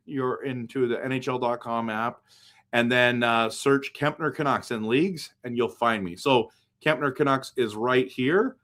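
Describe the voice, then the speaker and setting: A man from western Canada hosts a loose, chatty hockey live stream. He thinks out loud, second-guesses himself and replies to viewer comments. His voice sits at an ordinary, middle pitch. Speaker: hockey livestream host. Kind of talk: casual live-stream chat.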